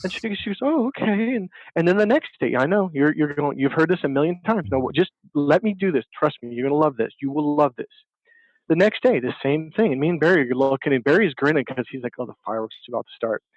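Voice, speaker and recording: A dating coach tells stories in an animated interview, emphatically acting out the voices of the people in them. His voice is a little high and quick, and the recording is muffled with no echo.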